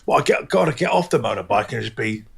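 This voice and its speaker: Gravelly animated English man, swears freely. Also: quick pace. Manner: animated, swears freely, jumps into high mimicking voices. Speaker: comic book artist. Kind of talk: casual interview chat.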